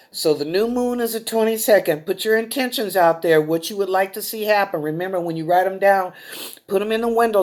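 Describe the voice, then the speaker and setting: On her psychic talk show, a middle-aged woman with a lowish voice is choked up and on the verge of tears. She talks to the audience in a homey, emotional style, calling them y'all.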